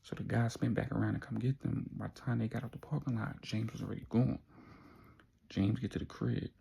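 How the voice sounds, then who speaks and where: Gravelly, husky male storyteller. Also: on the low side, steady tone, dark tone. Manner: slangy and conversational, with dramatic pauses. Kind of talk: casual spoken storytelling.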